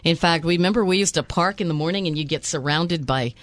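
A woman's voice: low-pitched, fast talker, no room sound. A woman co-hosting a radio show, chatting casually, often laughing along. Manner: laughs often, supportive backchannel. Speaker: radio co-host. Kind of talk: casual chat.

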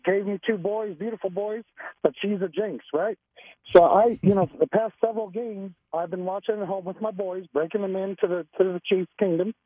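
A man in his 40s calls in to a radio show over a tinny telephone line, his voice sitting high with a steady tone and a slightly fast pace. The recording is dry, and his excited chat rambles and stammers with emotion.

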